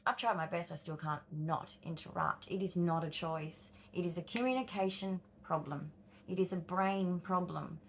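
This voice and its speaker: A woman's voice: on the low side, normal speed, a little hiss or hum. An Australian woman in her fifties vlogging, talking straight to her viewers and acting out inner voices with exclamations and sighs. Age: 50s. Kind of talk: direct-to-camera vlog monologue.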